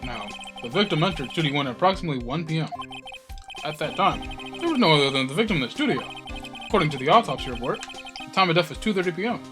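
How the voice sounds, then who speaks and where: A man's voice: on the high side, expressive, fast talker, natural voice. A man voicing a dim but eager male police detective in a game, with a folksy, dopey drawl that keeps calling people pal. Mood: insistent. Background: game music.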